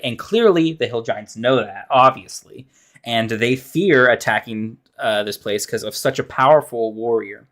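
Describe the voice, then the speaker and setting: A man at a middle pitch, musing aloud as he works out plans for a tabletop game on a live stream. His speech is halting and full of restarts, and it often drifts off into quiet mumbling. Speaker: dungeon master streamer. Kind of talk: thinking aloud while planning a game.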